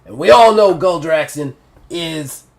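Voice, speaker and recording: Man playing a gruff, weary commander. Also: on the high side, normal speed, lightly acted. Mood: stern. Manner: stern, blunt, urgent. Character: gruff, weary male commander protecting his people. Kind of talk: live-play tabletop game.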